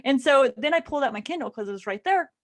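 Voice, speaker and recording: A woman with a slightly high voice chats about a book on a podcast. She gushes with animated energy and strings her thoughts together with fillers. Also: quick pace. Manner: animated and gushing, lots of fillers. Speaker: podcast co-host. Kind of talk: casual chat, retelling a book plot.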